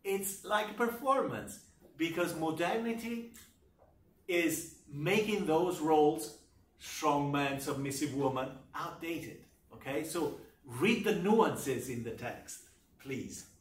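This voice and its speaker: A man giving a university literature lecture, talking in a deliberate, emphatic way and often checking in with his listeners. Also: fairly high pitch, lively intonation. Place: lecture room. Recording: echoey room, voice from far off.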